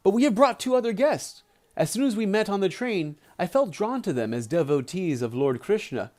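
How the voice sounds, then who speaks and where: A man's voice: sits high, sing-song, normal speed, darkish tone, pitched above the performer's own voice. A man reading as a courteous devout stranger. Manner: courteous, formal speech. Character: kindly devout male stranger on a train.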